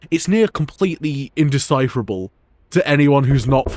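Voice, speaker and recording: A man's voice: a little high, normal speed, no room sound. A man, streaming a game and rambling crude jokes at home. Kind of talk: gameplay live stream commentary.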